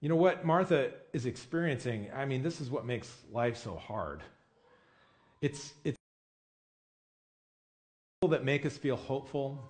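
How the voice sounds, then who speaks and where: A man's voice: medium pitch, expressive, unhurried, long pauses. A man preaching a sermon in a casual, conversational way, often asking his listeners questions. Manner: casual with frequent "I mean" and "you know". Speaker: pastor.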